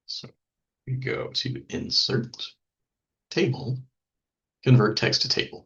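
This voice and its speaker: A man teaching a software lesson over a screen recording, thinking aloud with ums and small self-corrections. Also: medium pitch, animated, takes it slowly, vocal fry, dull audio. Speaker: instructor.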